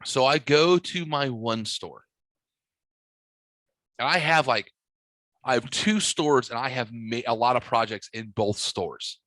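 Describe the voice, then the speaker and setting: A podcast host, a man, tells a rambling story in casual chat. He swears a lot and acts out every line of dialogue. His mid-pitched voice sounds dry, with almost no room around it. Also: measured pace, long pauses, a bit bright, no room sound.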